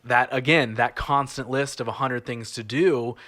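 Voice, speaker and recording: A man's voice: mid-range voice, fairly even intonation, normal speed, sharp tone. A man hosting a podcast, talking casually and rambling, with frequent restarts and fillers. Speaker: podcast host.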